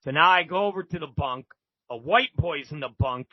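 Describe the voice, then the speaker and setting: A man's voice: fairly high pitch, lively intonation, moderate pace, dry recording, muffled recording. A man guest telling a story casually and animatedly, swearing freely and acting out other people's lines. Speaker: podcast guest.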